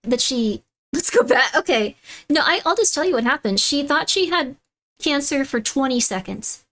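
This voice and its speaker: A woman with a fairly high voice talks casually on a live stream, chatting with her viewers and reacting to clips. Her delivery is animated and loose, peppered with laughs. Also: normal speed. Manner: chatty and animated, laughs often, loud shrill bits when mocking someone. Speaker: streamer reacting to videos and chat.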